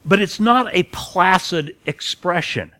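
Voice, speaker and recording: Earnest preacher with a lively voice. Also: male voice, sits high, slow pace. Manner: earnest, stresses key words, frequent restarts. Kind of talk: expository Bible teaching.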